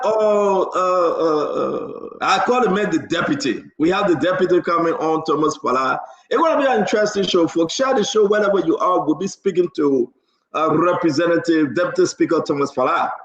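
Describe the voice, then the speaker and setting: Man, talk show host, animated, laughing, teasing, echoey muffled audio. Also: high voice, moderate pace. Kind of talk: live political talk show. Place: New Jersey.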